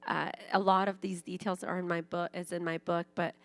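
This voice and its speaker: A woman's voice: on the low side, fairly quick, dry recording. Iranian-born woman telling her testimony. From Iran. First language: Farsi. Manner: animated storytelling, acting out quoted voices. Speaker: church speaker. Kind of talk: personal testimony.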